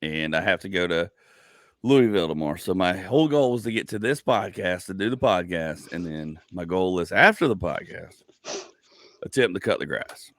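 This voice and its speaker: A man's voice: sits low, lively intonation, normal speed, a bit bright, dry recording. A man in his forties hosting a casual comedy podcast, telling rambling stories full of "like" and acted-out asides. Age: 40s. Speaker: podcast host.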